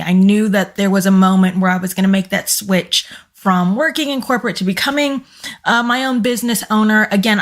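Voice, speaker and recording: A business coach and former corporate employee talks casually to camera, urging her viewers in a relaxed, motivational way to build their business skills. Her medium-pitched voice sounds hoarse and strained, as though she's losing it, and she speaks earnestly with occasional fillers and restarts.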